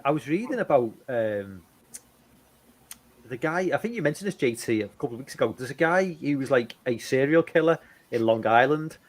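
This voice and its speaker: Man in his forties, co-host, rambling, restarts a lot, mid-pitched voice. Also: expressive, moderate pace. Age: 40s. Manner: rambling, full of restarts and fillers. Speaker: co-host reading the chat. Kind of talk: casual live-stream chat.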